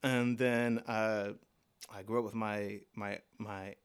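A man's voice: fairly low pitch, level tone, slow pace, clear, resonant tone. A man in his thirties with a Baltimore accent, telling stories as a podcast guest in a loose, rambling way with lots of fillers. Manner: rambling, laid-back storytelling with many fillers and laughs. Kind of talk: casual podcast chat.

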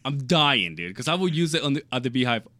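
A man's voice: medium pitch, very animated, fast, sharp tone, dry recording. A man co-hosting a podcast in a laid-back, joking manner, often trailing off mid-sentence. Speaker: podcast co-host. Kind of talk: casual chat.

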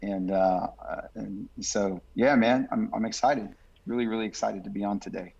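A man's voice: lowish voice, steady tone, normal speed, creaky, darkish tone, husky, recorded from a distance, lo-fi sound. A man, a guest pastor, speaking emphatically in a podcast conversation over a remote link, repeating phrases the way a preacher does. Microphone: remote call mic.

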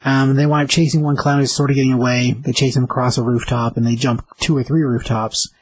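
A man's voice: mid-range voice, level tone, a little fast, slightly rough, rough recording. A man casually retelling a comic book story as a recap host, loose and chatty. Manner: loose and chatty, with many fillers and restarts.

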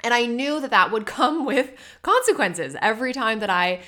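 A young adult woman hosting her own podcast, talking unscripted and candidly with chatty, animated asides. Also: a little high, moderate pace. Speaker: podcast host. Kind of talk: unscripted solo podcast talk.

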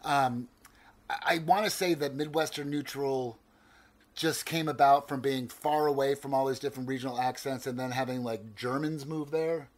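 In a medium-pitched voice at a moderate pace, a fortysomething podcast co-host with a New Jersey accent chats casually. He wanders off on tangents, stammers and restarts a lot, swears offhandedly, and stays animated throughout.

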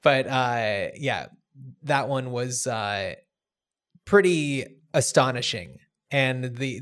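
A man's voice: medium pitch, fairly bright tone. A man in a casual film chat, loose and conversational, with fillers and a curse now and then.

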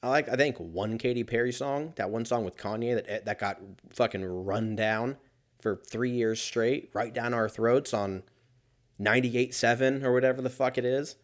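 A man's voice: medium pitch, moderate pace. A man talking alone in a casual monologue as a podcast host, rambling and swearing and often laughing.

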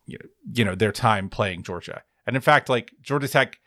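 On a casual sports podcast, a man with a lowish voice and sharp tone talks at a moderate pace. His co-hosting is wry and rambling, full of self-corrections, and the audio is studio quality with no room sound.

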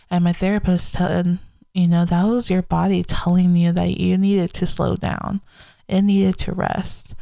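A woman's voice: on the low side, gravelly, mellow, dry recording. A young adult woman hosting a faith podcast, talking candidly and reflectively in a casual way. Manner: candid, reflective, slow-paced. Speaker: podcast host.

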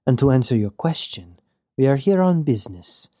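A man reading an audiobook, voicing a sly, charming male pirate with a smooth, unhurried manner. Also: mid-range voice, big pitch swings, mellow, dry recording, clean studio sound. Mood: smooth, teasing.

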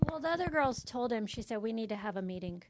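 A woman's voice: a little high, fast, background noise. A woman chatting casually and venting about a coworker at her medical office, acting out conversations as she tells them. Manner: animated storytelling, acts out quoted voices.

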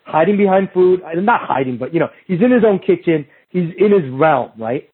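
A very husky, raspy male voice sitting a little high, coming through a thin, phone-like line. He tells a casual, swearing-heavy story as a hands-on coach. He jumps into the voices of the people in the story. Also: moderate pace. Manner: animated and profane, acts out what others said. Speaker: strength and movement coach.

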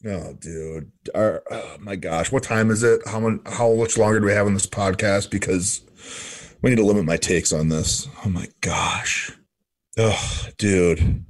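A man's voice: a little slow, no room sound. A man co-hosting a casual podcast recapping a reality show, talking animatedly and swearing often. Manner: animated, swears a lot, jumps up high when mimicking people. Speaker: podcast co-host.

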